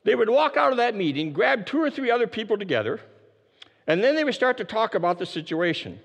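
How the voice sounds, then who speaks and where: High, lively preaching man in a hall. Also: brisk, creaky. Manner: emphatic, repeats key phrases, drops low for emphasis. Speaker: pastor. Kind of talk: sermon.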